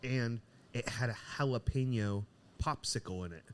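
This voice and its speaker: A man's voice: medium pitch, moderate pace. Man telling a story with animation. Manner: animated, acts out the voices in his story. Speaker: podcast co-host. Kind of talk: casual storytelling chat. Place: cigar shop.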